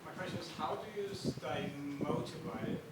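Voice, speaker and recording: A man's voice: fairly high pitch, lively intonation, normal speed. A man in the audience asking a long question, rambling and searching for words. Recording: echoey hall, distant, loud noise.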